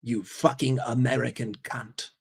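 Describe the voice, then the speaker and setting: A man's voice: mid-range voice, level tone, measured pace, gravelly, slightly rough. A man putting on a huffy offended Brit. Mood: indignant.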